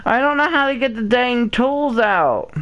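A woman's voice: on the high side, expressive, measured pace, a bit bright, muffled recording. A woman playing a video game and commenting, frustrated and whiny, pleading with her viewers for help. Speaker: gamer. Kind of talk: let's-play commentary.

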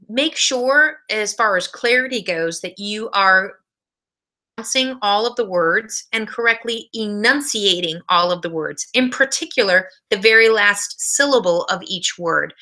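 A woman's voice: mid-range voice, sharp tone. A woman teaching a college speech class in a recorded video lecture, giving direct practical tips.

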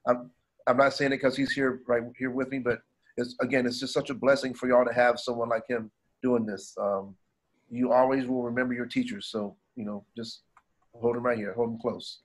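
A guest musician, a man, speaking warmly and informally to students on a video call. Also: medium pitch, little pitch movement, normal speed, rough recording. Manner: warm and emotional, informal. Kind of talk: casual thanks and chat.

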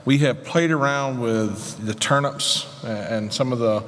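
A man speaking as a guest farmer on a conference panel, explaining things in a plainspoken, brisk way. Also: mid-range voice, fairly bright tone. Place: conference session hall. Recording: long hall reverb.

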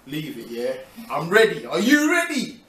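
A man bantering casually with his sister in a teasing, animated way. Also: a little high, normal speed. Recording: echoey room from a distance, faint hiss.

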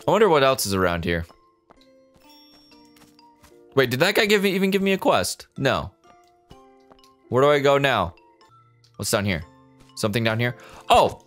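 A man's voice: mid-range voice, big pitch swings, moderate pace, pauses often, a bit bright, soft background music. Joking man narrating his gameplay. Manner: jokey, talks to game characters. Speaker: let's play gamer. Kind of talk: casual gameplay commentary.

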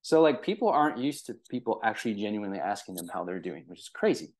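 In a fairly low, slightly mellow voice with big pitch swings and a quick pace, a man leads a conversational real estate training. He checks in with his listeners often, using fillers and rhetorical "right?" frequently.

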